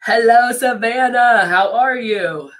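Woman, head cold, nose stuffed up; clear bright tone, chatty live-stream makeup host. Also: fairly high pitch, slow. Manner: chatty, greets viewers by name, laughs often. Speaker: brand educator hosting a live makeup demo.

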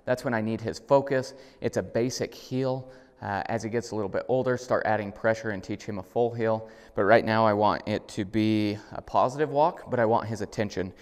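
A middle-aged man, a dog trainer, explaining step by step how to train a dog, now and then praising the dog in a higher voice. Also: brisk, clean tone. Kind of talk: instructional demonstration. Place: indoors at a home, moving outside. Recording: reverberant room sound.

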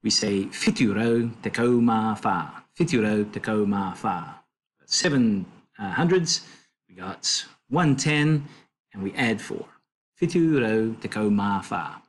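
Man, language tutor, husky voice, patient step-by-step explaining, casual lesson. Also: on the low side, animated. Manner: slow, patient explaining with fillers and self-corrections.

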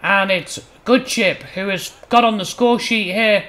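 A man hosting a gaming channel, commentating his own football game matches in a mock match-commentary style, flaring up loudly on near misses and goals. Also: high-pitched, unhurried. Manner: excitable, bursts loud on chances and goals. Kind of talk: playful mock match commentary over gameplay.

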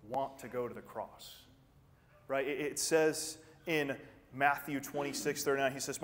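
A man preaching a sermon as pastor, earnest and animated, jumping up in pitch for emphasis and then dropping quiet, often repeating words as he starts a thought. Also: a little slow. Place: church sanctuary. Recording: church sanctuary with long reverb.

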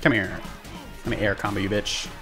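A man's voice: on the low side, fairly even intonation, fairly quick, fairly bright tone, faint music behind. A man streaming a video game, swearing and joking at his chat while he plays. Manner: profane, joking, talks to chat. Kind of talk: casual gameplay commentary. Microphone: desk mic.

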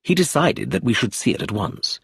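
A man voicing a senior police official and father who explains matters briskly. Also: medium pitch, big pitch swings, vocal fry, slightly rough, dry recording, full character voice. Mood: explaining.

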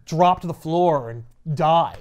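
A man co-hosting a casual comics chat, recapping a story and acting out the characters' lines. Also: on the high side. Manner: animated, acts out characters' lines in quick voices. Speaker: comics podcast co-host.

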